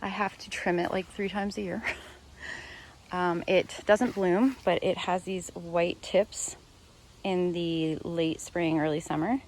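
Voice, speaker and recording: A woman's voice: fairly low pitch, fairly even intonation, takes it slowly, darkish tone, slight background noise. A woman filming a casual tour of her home garden outdoors on a handheld phone. She chats freely, laughs often and corrects herself as she goes. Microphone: handheld phone camera while filming.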